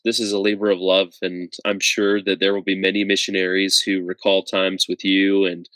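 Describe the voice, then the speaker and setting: A man's voice: sits low, sharp tone, no echo, low-quality recording. A man hosting a podcast interview, wrapping up with a casual, reflective thank-you to his guest. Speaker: podcast host.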